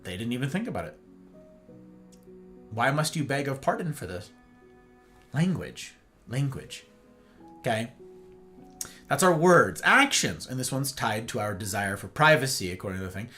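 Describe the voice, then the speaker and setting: An American man hosting a livestream monologue, talking in an animated way and often checking in with "right?" and "okay?". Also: medium pitch, moderate pace, long pauses, soft background music. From United States. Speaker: host.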